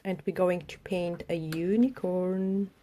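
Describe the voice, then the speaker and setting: A woman's voice: on the low side, steady tone, slow pace, mellow. A woman nail artist chatting on a live tutorial stream, narrating as she tidies her desk, with non-native phrasing. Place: home work desk.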